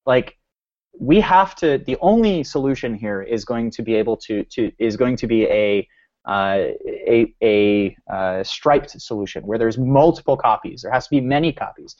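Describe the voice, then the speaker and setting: A man co-hosts a casual podcast and thinks aloud, circling back and restarting his sentences as he goes. His voice sits at an ordinary pitch for a man. The audio is slightly dull and lo-fi. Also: moderate pace, a little mellow. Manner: rambling, with many restarts and fillers. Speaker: podcast co-host.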